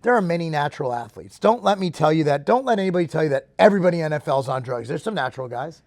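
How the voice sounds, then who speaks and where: A man hosting a fitness show, giving his opinions in casual talk to the camera. He is emphatic and excitable and speaks straight to his viewers. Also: fairly high pitch, rapid-fire, no room sound.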